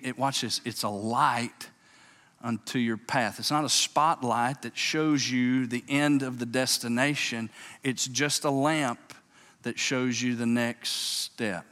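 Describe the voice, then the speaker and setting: A man's voice: mid-range voice, steady tone, takes it slowly, pushed and bright. A male pastor preaching a sermon, emphatic and given to repeating and restarting his words, in a church sanctuary. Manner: emphatic, repeats words, keeps saying "watch this". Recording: long reverb of a large sanctuary.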